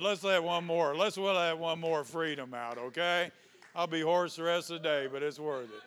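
A man, a pastor preaching fervently to his congregation, speaking in tongues, shouting calls and dropping folksy asides. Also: fairly high pitch, normal speed, slight background noise. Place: church sanctuary with congregation. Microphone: handheld microphone.

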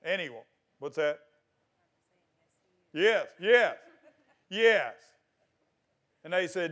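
Male preacher, fairly high voice, dramatic sermon delivery that jumps between loud calls and quiet asides. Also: animated, drawn-out words, long pauses. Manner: asks the congregation questions.

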